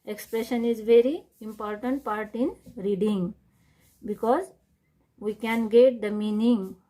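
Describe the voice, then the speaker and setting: A woman teaching a lesson on reading techniques, defining each term slowly and repeating it. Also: fairly high pitch, fairly even intonation, dark tone. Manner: slow, repetitive, defining terms one by one. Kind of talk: classroom lecture on reading techniques.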